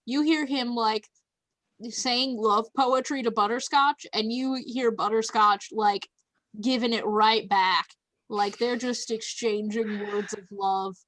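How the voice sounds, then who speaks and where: A woman running a tabletop game as game master, narrating in a lively, animated way. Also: a little high, takes it slowly, no room sound, poor audio.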